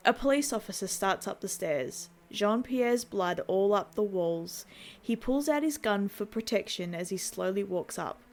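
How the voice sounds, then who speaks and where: A woman at a middling pitch reads out a horror film recap scene by scene. She keeps the plot moving in a scripted way and slips in dry, wry little asides. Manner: wry asides between plain plot retelling. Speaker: horror channel host.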